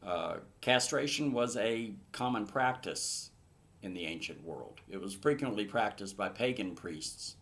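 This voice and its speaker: A man's voice: on the low side, lively intonation, a little slow, creaky, a bit bright. A man teaching verse by verse through a Bible passage in an earnest manner, rising to emphatic bursts.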